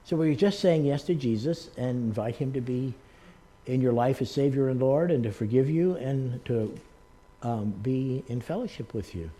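A man's voice: medium pitch, normal speed, dark tone. A man preaching a sermon, telling personal stories in an earnest way. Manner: earnest storytelling, acting out the people he quotes. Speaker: pastor.

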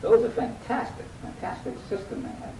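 A man preaching a sermon, reading scripture aloud and quizzing his listeners to finish the verses. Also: fast talker. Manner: acts out lively quoted voices. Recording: echoey hall, mic at a distance, faint rumble.

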